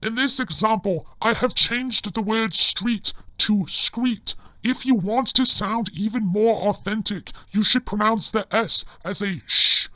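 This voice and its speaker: High, bright-voiced deadpan man. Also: a little slow, hardly any pauses, no echo. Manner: formal, deadpan delivery. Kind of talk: scripted comedic narration.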